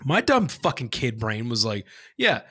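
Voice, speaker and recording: With a mid-range voice and a slightly fast delivery, this man co-hosts a casual podcast and recounts a childhood story. He's animated and profane, swearing a lot and performing the different voices.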